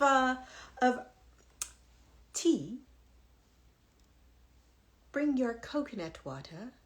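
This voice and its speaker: A woman's voice: lowish voice, darkish tone, close to an everyday voice. A woman doing a playful, theatrical put-on accent in a lilting, exaggerated voice.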